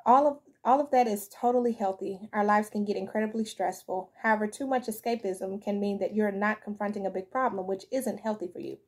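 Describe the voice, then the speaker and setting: Husky-voiced woman reading tarot cards. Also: medium pitch, fairly quick, few pauses. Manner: frank and conversational, often says "you know what I'm saying" and "y'all". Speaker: tarot reader. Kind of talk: casual spoken tarot card reading.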